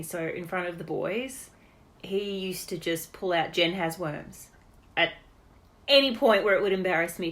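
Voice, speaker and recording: Australian woman, lowish voice, chatty, reminiscing, off-the-cuff birthday message. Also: a bit bright. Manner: chatty, reminiscing, laughs between stories. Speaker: daughter giving a birthday message. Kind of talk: unrehearsed personal birthday message.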